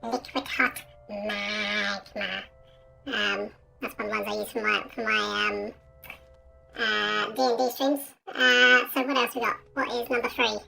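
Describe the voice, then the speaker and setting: A man talking through a pitch-up voice changer that turns him into a squeaky little creature, chatting as he tries it out. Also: steady tone, unhurried, creaky, sharp tone, soft background music, heavily acted, rough recording. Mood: chatty. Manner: chatty, explaining the filter presets. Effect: voice changer pitch-up filter.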